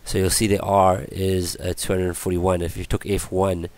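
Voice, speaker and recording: Guy with a deep flat voice doing a coding tutorial, sick and losing his voice, lots of ums. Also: dry recording. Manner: halting, many ums and restarts. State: voice going from illness. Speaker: tutorial presenter. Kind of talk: screen-recorded coding tutorial.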